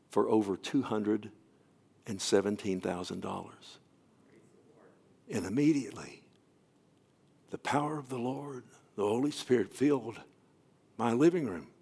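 A middle-aged male pastor preaching a sermon, telling a story with acted-out dialogue, swinging from emphatic, raised delivery to hushed near-whispers. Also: on the low side, vocal fry.

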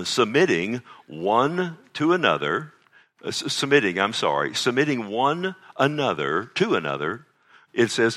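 A man's voice: sits low, fairly bright tone. An older man preaching a sermon as a pastor, emphatic, asking the listeners rhetorical questions and often restarting his sentences.

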